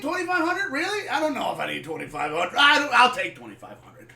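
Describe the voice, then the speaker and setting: A man hosting a live sports podcast, telling a story casually and animatedly, swearing freely and acting out scenes loudly. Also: very high-pitched, sing-song, fast talker, creaky, few pauses, a little hiss or hum. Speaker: podcast host. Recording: echoey room, far from the mic.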